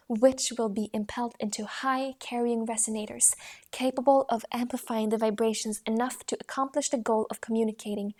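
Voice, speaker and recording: A woman reading aloud from a voice training book in a steady manner, stopping to demonstrate vocal exercises. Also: on the high side. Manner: reads steadily, demonstrates vocal exercises with rising sung tones. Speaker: voice book reader.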